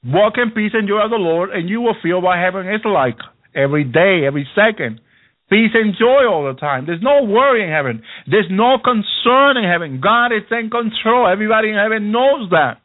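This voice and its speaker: A man's voice: sits high, animated, moderate pace. A male preacher delivering a sermon, repeating phrases and calling out hallelujah between them. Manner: exhorting, repetitive, punctuated by hallelujahs. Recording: thin phone-like radio sound.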